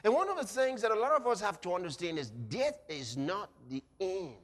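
High-pitched, dramatic male preacher. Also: big pitch swings, fairly quick. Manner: dramatic, swings from hushed to shouting. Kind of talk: sermon. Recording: reverberant hall.

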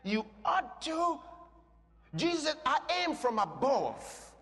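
A man preaching a sermon in a high, animated voice that swoops up and down. He lingers on every phrase, building to emphatic shouts. The sound carries a long hall reverb with soft music underneath. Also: breathy edge. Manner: emphatic, rising to shouts, slow drawn-out phrases.

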